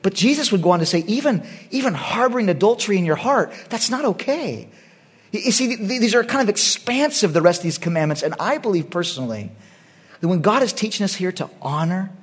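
Brief: male pastor, middle-aged, high and lively voice, preaching with loud bursts and quiet asides. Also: a little fast, husky. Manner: animated preaching, swings between loud bursts and hushed asides. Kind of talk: sermon.

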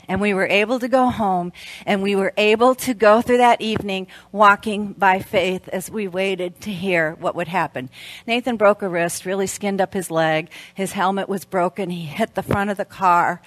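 A woman in her fifties speaking at a women's church event, telling a story in an animated way and laughing often. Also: medium pitch, moderate pace, no room sound.

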